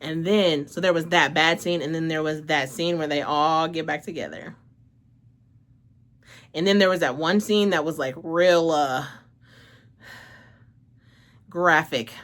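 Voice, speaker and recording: Her voice sits low with a bit of brightness as she hosts a laid-back book review vlog. She gushes and gets emotional, says "like" over and over, curses, laughs a lot, and sounds slightly winded.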